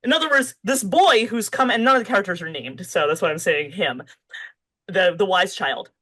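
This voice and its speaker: A female author on a podcast speaks at a medium pitch and moderate pace, with lively intonation and a fairly bright tone. Her conversational answers wander, full of fillers and restarts, and the recording is low quality.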